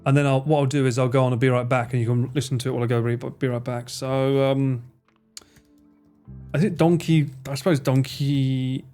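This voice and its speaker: A man's voice: medium pitch, fast talker, hardly any pauses, clear, resonant tone, faint music behind. A man chatting casually to his live-stream audience while gaming, joking around and swearing freely. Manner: jokey, animated, swears freely.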